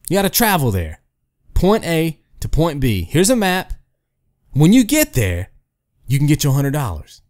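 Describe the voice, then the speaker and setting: Animated man ranting to camera. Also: fairly high pitch. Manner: animated, rhetorical, keeps asking "right?"; storytelling with hypotheticals. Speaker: gaming video host. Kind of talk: casual rant to camera.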